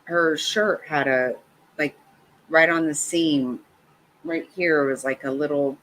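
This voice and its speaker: Her voice deep and slow-paced, a middle-aged livestream host chats casually and tells animated stories amid lots of laughter. The rough recording has a little hiss or hum.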